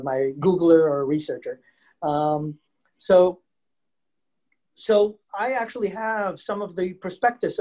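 A male museum program presenter, high-pitched and a little mellow, teaches history virtually via video call. His lesson for kids and families is chatty and lively, with frequent laughter and quiz questions.

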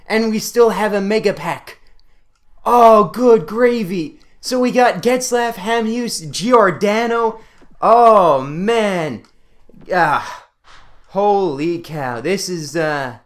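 Excitable high-voiced young man. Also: slow pace. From Canada. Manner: excitable, yelps and laughs at pulls. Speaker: gaming video creator. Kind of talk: pack opening commentary.

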